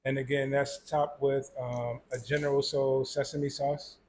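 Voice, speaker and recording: A man, a chef and restaurant owner, answering interview questions in a soft-spoken way with frequent pauses and fillers. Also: medium pitch, level tone, slight background noise.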